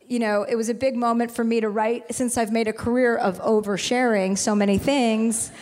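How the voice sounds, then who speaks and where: A woman's voice: on the high side, steady tone, moderate pace, darkish tone. A woman in her forties, talking frankly and with plenty of profanity as a guest on a stage. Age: 40s. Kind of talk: candid live conversation. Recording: long hall reverb.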